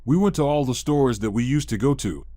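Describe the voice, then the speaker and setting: A man calmly reading a first-person horror story as scripted narration. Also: mid-range voice, brisk, no room sound.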